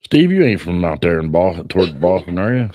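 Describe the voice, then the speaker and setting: A man's voice: low-pitched, sing-song, a little fast, warm tone, no room sound. A man from Ohio with an Ohio accent, hosting a podcast in casual, joking chat that rambles and stammers. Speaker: podcast host.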